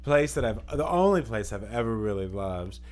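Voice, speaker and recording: A man's voice: lowish voice, sing-song, moderate pace. A man voicing Milan Paris, a self-important, well-traveled man who answers the phone, talking in an airy, rambling way.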